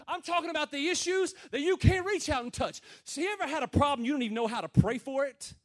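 High-voiced man preaching with swings in force. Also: animated, quick pace. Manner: emphatic, swings from loud calls to low murmurs. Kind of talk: sermon to a men's gathering.

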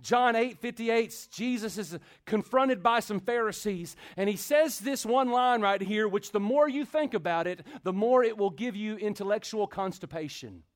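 Pastor, high voice, middle-aged, preaches with dramatic pauses and hushed-to-loud swings. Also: male voice. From Texas. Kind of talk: sermon.

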